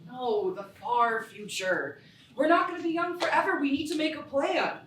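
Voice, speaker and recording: An actress playing a preachy, big-headed young surfer who lectures a friend. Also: female voice, sits high, normal speed, fairly bright tone, a little hiss or hum. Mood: lecturing. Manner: lecturing, smug. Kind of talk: live stage acting. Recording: echoey theatre stage from far off.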